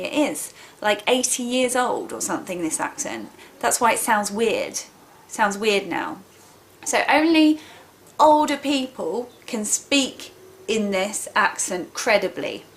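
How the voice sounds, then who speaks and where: A woman's voice: on the high side, fairly bright tone. A woman, explaining earnestly to camera like a teacher. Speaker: English teacher.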